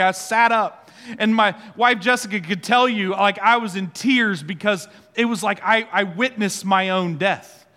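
A man preaching a sermon as pastor, animated, leading the congregation to repeat words back. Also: sits high. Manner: animated preaching, leads the congregation in call-and-response. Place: church sanctuary. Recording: reverberant church hall with faint music.

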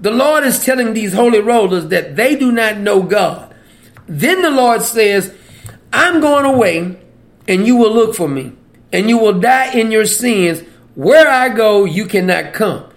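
High-pitched guy teaching bible, lively and folksy, keeps laughing. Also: a little slow. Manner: animated, laughs often, folksy asides.

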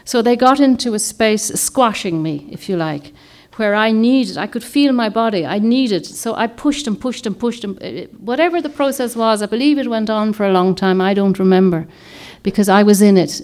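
A woman's voice: mid-range voice, a little mellow. A woman author giving a reflective, rambling talk to a group, often searching for words and restarting her sentences. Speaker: author and speaker.

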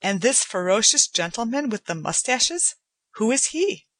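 A woman voicing a lively, affectionate young woman who speaks eagerly and with delight. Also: a little high, a little slow, no echo, pitched above the performer's own voice. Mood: curious.

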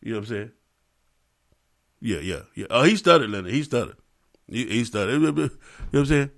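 A man's voice: medium pitch, animated, brisk, gravelly, fairly bright tone. A man hosting a podcast, talking in a loose, profane, joking way, with lots of asides to his listeners. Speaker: podcast host. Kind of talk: casual comedic podcast rant.

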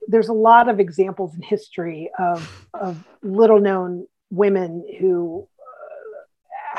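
Chatty woman telling lively stories. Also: mid-range voice, lo-fi sound. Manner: animated, acts out quotes, many restarts. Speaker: guest. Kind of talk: casual storytelling.

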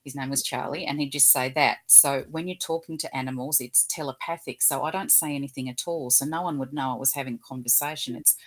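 A woman, an animal communicator, telling gentle, earnest stories in an interview and acting out the quotes. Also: a bass voice, fairly even intonation, fast talker, hardly any pauses. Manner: gentle, earnest storyteller who acts out quotes. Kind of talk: storytelling interview chat.

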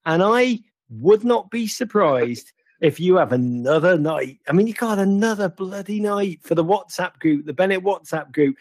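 A man's voice: high voice, lively intonation, moderate pace, a little mellow, slightly rough, no room sound, clean studio sound. A man hosting a football chat, telling stories theatrically and teasing his caller playfully. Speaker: host.

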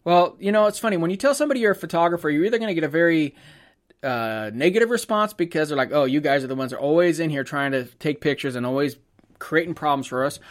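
Chatty man telling a funny story. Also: a little high. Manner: chatty, laughs often, acts out dialogue. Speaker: photographer. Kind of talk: casual anecdotal storytelling.

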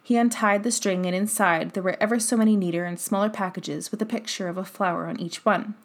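A woman narrating a children's novel in calm, even storytelling. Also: mid-range voice, a little fast. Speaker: audiobook narrator. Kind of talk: scripted narration.

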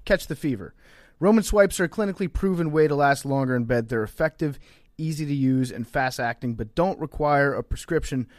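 A man's voice: medium pitch, a little fast, dry recording. A podcast co-host reads sponsor spots in a dry, close recording with no room sound. He breaks the script with crude, joking asides. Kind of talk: ad read.

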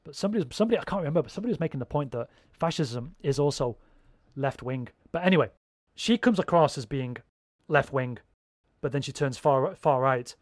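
A man's voice: a little high, animated, brisk, no room sound, clean studio sound. A man in casual chat, rambling and swearing freely as he talks.

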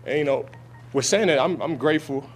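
A man's voice: a little high, soft background music. A young adult man, a football player, answering reporters' questions at an outdoor training camp, often restarting his sentences with fillers. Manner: halting, many restarts and fillers. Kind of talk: press conference answers.

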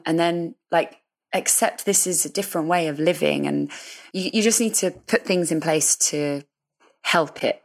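Guest: woman, low voice, open and self-deprecating, quick to laugh. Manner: chatty, candid, self-deprecating, laughs often. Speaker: musician guest. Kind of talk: candid interview chat.

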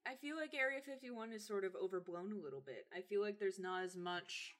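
A woman's voice: medium pitch, a little fast, a bit bright. A young woman co-hosting a podcast in casual chat, bubbly and jokey, sometimes trailing off mid-thought. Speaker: podcast co-host.

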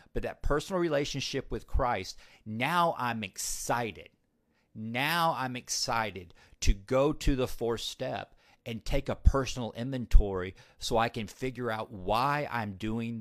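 A man's voice: mid-range voice, no room sound, clean studio sound. A man giving a motivational talk about recovery, emphatic, repeating key points and putting questions to his listeners. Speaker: recovery speaker.

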